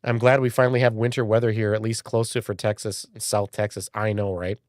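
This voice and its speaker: A man's voice: on the low side, little pitch movement, quick pace, darkish tone, no room sound, clean studio sound. A man in his early forties hosting a live stream, chatting casually and rambling, reading viewers' messages and swearing now and then. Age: early 40s. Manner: rambling, chatty, swears, reads chat aloud.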